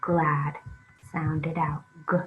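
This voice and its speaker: Lady teacher going really slow thru letter sounds for little kids, kinda low voice, muffled lo-fi audio. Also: level tone, slight background noise. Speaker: reading teacher. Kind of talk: phonics lesson for young children.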